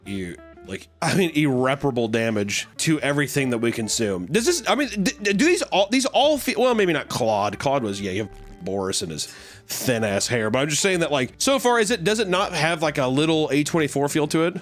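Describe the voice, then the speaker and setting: A man hosting a podcast, riffing on clips in casual comedic chat, animated and profane. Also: fairly high pitch, brisk, soft background music. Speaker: podcast host.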